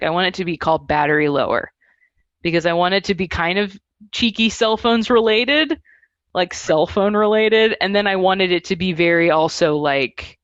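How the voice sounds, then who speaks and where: This musician guest, a woman in her thirties, has a fairly low voice and chats casually in an interview, bringing her stories to life with acted-out quotes. The sound is lo-fi but has no echo.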